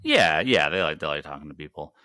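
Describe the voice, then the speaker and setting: Podcast host, male, rambling casual talker, bright tone, lively swings in pitch. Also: fast, no room sound, clean studio sound. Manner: rambling, many restarts and fillers, swears freely. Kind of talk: casual chat.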